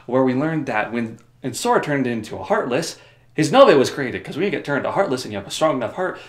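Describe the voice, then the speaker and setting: A man's voice: mid-range voice, reverberant. A man summarizing a video game story for comedy, rambling with joking, sarcastic asides. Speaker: video host.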